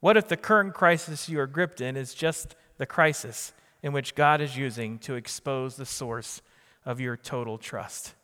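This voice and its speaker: A man's voice: mid-range voice, moderate pace, bright, forceful tone, big-room sound. A man preaching a sermon as pastor, emphatic, repeating key phrases and putting questions to the congregation.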